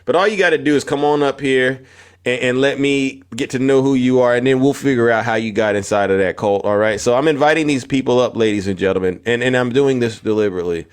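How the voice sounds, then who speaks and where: A man running a political livestream with a confrontational, preachy manner. He repeats phrases, climbs in pitch on emphatic lines and calls viewers out one by one. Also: fast talker, clean tone. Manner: confrontational, repetitive, calling out viewers by name. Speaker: livestream host.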